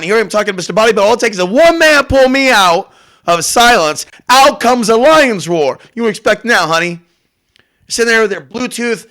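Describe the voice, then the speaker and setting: A man's voice: high-pitched, fairly bright tone. A man hosting a morning show in a rambling, profane, brash casual monologue. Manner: brash, profane, jumps between topics. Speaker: host.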